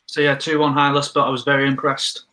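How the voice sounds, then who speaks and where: A man's voice: mid-range voice, completely flat delivery, fast, sharp tone. A man on a judging panel, teasing and swearing freely. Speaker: panel judge. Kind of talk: casual panel chat.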